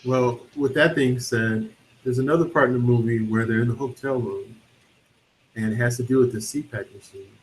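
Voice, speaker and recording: A man co-hosting a film review show, chatting casually and pausing with fillers as he searches for words. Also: mid-range voice, steady tone, rough recording. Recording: faint background noise.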